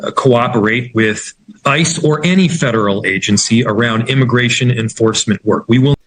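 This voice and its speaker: A man who is a city mayor, answering an interview in a halting, measured way. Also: mid-range voice, fairly bright tone, rough recording.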